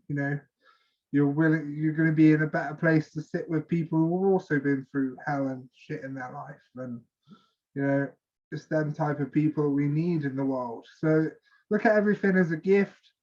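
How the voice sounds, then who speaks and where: Higher-voiced man talking motivation, muffled. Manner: loose, filler-heavy, motivational. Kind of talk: casual conversational chat. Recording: dull lo-fi call audio.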